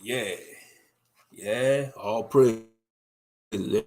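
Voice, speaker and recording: A man's voice: mid-range voice, extremely slow, a little mellow. A man giving impassioned, scolding religious commentary, mocking the people he criticizes. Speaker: online commentator.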